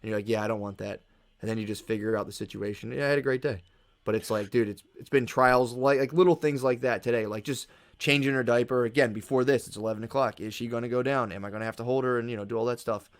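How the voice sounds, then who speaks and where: A man's voice: medium pitch, fairly even intonation, quick pace. A man guest on a podcast, chatting casually and rambling through a story, acting out his own thoughts and swearing freely. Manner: casual swearing, calls listener "dude". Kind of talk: casual conversation.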